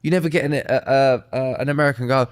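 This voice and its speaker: This podcast co-host has a medium-pitched voice and talks quickly. He banters casually, swearing as he mocks people in put-on voices.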